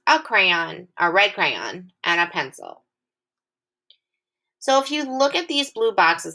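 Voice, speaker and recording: A woman teacher giving a recorded phonics lesson to young children. She is clear, patient and encouraging, and reads the sample sentences slowly and with lots of expression. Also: fairly low pitch, pushed and bright. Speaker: elementary school teacher.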